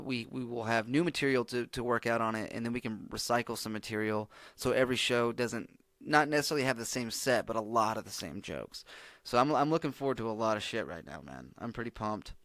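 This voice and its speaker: Dude rambling on his solo podcast, swears a lot, mid pitch, dead dry sound. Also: fairly bright tone, dry recording. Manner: rambling, profane, laid-back. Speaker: podcast host. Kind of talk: casual solo podcast chat.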